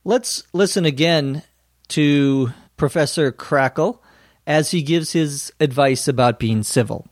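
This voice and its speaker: A male English teacher and host slowly explaining phrases to language learners, speaking clearly and giving acted example lines. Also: a little high, no room sound, studio quality.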